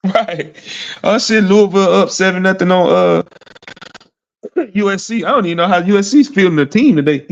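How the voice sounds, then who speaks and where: A man's voice: high-pitched, normal speed, gravelly, highs cut off. A man hosting a casual sports talk stream, blunt and profane, rambling and repeating himself, often asking "see what I'm saying?".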